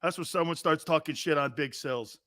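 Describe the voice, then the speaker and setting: A man's voice: on the high side, a little fast, pushed and bright, dry recording, clean studio sound. A man hosting a sports talk show, joking and rambling and laughing often.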